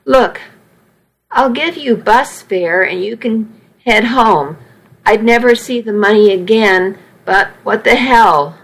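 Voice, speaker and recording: Blunt, fed-up trucker with a soft heart, voiced by a female audiobook reader; slow, exasperated delivery. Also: mid-range voice, poor audio. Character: weary, gruff male trucker, soft-hearted.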